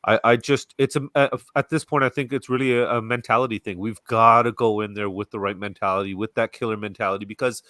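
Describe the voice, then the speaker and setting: A man's voice: on the low side, steady tone, sharp tone, no room sound, studio quality. A middle-aged man from Canada, chatting earnestly and rambling a bit as co-host of a fan show over a video call. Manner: earnest, rambling, quick to laugh. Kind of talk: casual fan-show chat. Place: home near Toronto. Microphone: video call mic.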